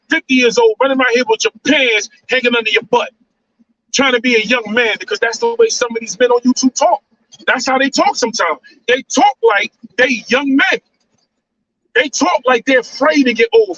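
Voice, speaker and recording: A man's voice: very high-pitched, animated, normal speed, fairly bright tone. A man, hosting a live stream and lecturing his audience, repeating lines and saying "man" a lot. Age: 40s. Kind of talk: casual monologue on a live stream. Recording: dull, distant mic with faint noise.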